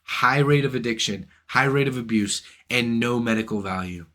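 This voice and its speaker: With a medium-pitched, fairly bright voice at a moderate pace, a young man rants to camera for his philosophy channel. The monologue is indignant and profane, full of rhetorical questions.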